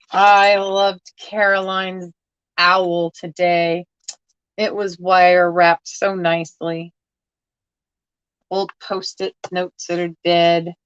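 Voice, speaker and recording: A woman's voice: on the low side, a bit bright, clean tone, no room sound. Woman, casual vlogger, rambling, self-amused, muffled dry home recording. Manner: chatty, rambling, laughs at herself. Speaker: crafting vlogger. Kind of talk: casual chat while sorting a box.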